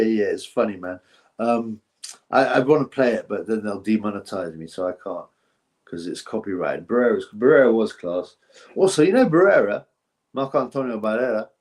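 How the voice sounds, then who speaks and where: A man's voice: mid-range voice, a little mellow. Male stream host, casual and rambling, chats loosely with viewers between donations. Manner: rambling and chatty, thinks aloud with fillers; reads out donations and thanks viewers. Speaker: boxing livestream host. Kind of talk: casual livestream chat.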